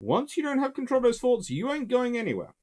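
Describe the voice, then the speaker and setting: Animated man giving a history lecture. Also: very high voice, fast talker. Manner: animated, emphatic, conversational. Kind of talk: casual spoken history lecture.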